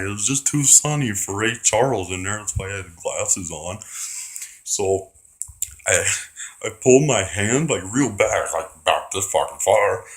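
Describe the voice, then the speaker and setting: Crude, rambling comic storyteller, man. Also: fairly low pitch. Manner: childlike, naive.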